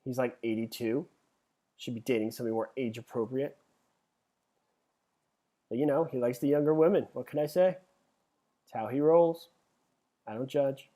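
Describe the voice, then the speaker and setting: A man's voice: medium pitch, normal speed, long pauses, mellow. Chatty man reading quiz questions. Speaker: real estate exam instructor. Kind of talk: live webinar teaching.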